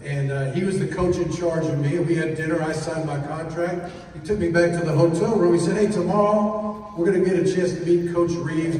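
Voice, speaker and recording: A man's voice: fairly high pitch, warm tone, slight background noise. A middle-aged man from Florida giving a humorous, self-mocking banquet speech, acting out the dialogue in his stories. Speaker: banquet speaker. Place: large banquet hall. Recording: echoey hall from far off, faint ambience.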